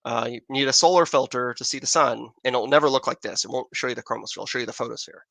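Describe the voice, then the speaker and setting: Rattling along quickly, an American man hosts an easygoing astronomy livestream outdoors in Arizona with a telescope, drifting through viewer questions. His mid-range voice is creaky and a bit bright, captured in a dry recording.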